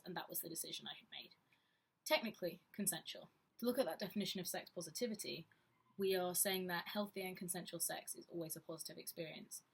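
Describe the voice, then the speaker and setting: A woman's voice: on the low side, a bit bright, husky. A woman talking frankly and reflectively to camera in a personal vlog. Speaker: vlogger. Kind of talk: candid personal vlog talk.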